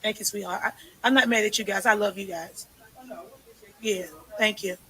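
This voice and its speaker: A woman's voice: medium pitch, steady tone, normal speed, a crowd in the background, poor audio. A woman reporting live as a citizen journalist, talking emphatically with her voice often raised. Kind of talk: live-streamed street vlog.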